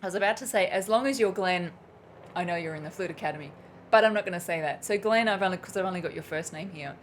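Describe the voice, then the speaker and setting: A woman teaching flute in a live stream, talking in a loose, chatty way. Her voice sits a little low for a woman, and she laughs at her own slips as she works through viewers' questions. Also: fast talker, a little hiss or hum. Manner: chatty, laughs at herself, loses her train of thought. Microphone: camera mic on a live stream.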